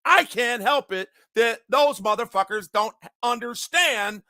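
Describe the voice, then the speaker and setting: A man's voice: extremely high pitch, animated, unhurried, sharp tone, no room sound, studio quality. A man ranting in an unscripted monologue, agitated and profane, often repeating himself. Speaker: online commentator.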